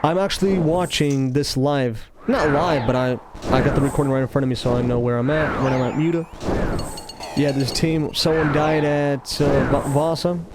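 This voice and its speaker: A man giving casual, rambling commentary over gameplay, talking slowly with a laid-back, self-interrupting, somewhat mumbled delivery. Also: a little high, fairly even intonation, very noisy. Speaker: gaming commentator.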